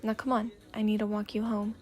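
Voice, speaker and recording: A woman voicing a stern, protective teenage boy, speaking low and firm in a soft-spoken ASMR fanfic reading. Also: level tone, brisk, close to an everyday voice. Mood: calm, firm.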